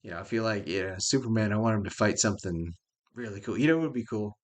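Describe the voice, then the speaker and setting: A middle-aged man with a drawl hosts his own vlog in a loose, unscripted way. His voice sits a little low, and he keeps circling back with fillers and half-finished restarts. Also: fast. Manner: rambling, conversational, with frequent fillers and self-restarts. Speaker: YouTube host. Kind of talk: casual rambling vlog.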